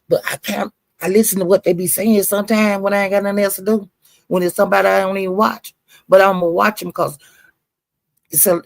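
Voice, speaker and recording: Woman streamer, fiery and profane, with a gravelly voice, dry close sound. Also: mid-range voice, no room sound. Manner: animated, profane and emphatic. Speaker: livestreamer. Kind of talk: casual storytelling rant.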